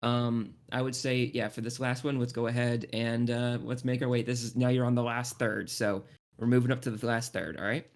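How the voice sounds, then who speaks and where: A man's voice: medium pitch, flat delivery, normal speed. A man running a tabletop game as game master, narrating loosely with many restarts and frequent laughter.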